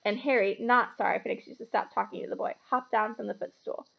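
A woman reading a novel aloud with expressive storytelling. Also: medium pitch, quick pace, creaky, dull audio. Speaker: reader.

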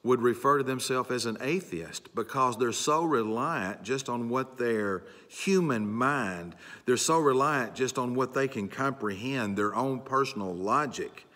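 A man's voice: mid-range voice, fairly bright tone. A man preaching a sermon in an earnest way, repeating his key phrases. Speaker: pastor. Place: church sanctuary. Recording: long church hall reverb.

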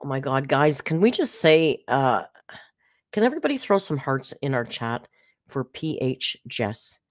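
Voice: mid-range voice, sing-song, unhurried. Chatty live streamer talking to chat. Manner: chatty, talks straight to the chat, narrates own actions aloud.

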